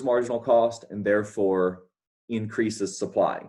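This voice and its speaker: A man's voice: lowish voice, animated, moderate pace, darkish tone. A man giving a recorded economics lecture, explaining step by step over his notes and repeating key points with checking questions. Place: talking over scribbled notes, not at a board.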